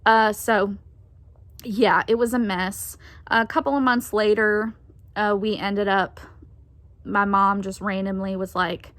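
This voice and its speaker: A woman's voice: mid-range voice, steady tone, slow pace, a bit bright, no room sound. A young woman telling a story from her teens in a casual, chatty way, laughing often and acting out the voices she quotes. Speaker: vlogger.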